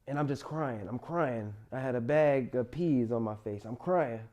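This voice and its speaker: A young man telling his own life story as a monologue, rising loud in places and sinking quiet in others. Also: medium pitch, normal speed. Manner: emotional, rises loud then drops quiet. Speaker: motivational storyteller.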